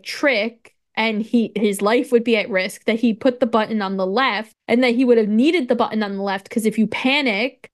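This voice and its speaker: A woman co-hosting a podcast, casually recapping a story with lively retellings, frequent "like", casual swearing and laughter. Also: on the high side. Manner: animated storytelling, acts out dialogue, frequent "like". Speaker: podcast co-host. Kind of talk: casual chat recapping a video game story.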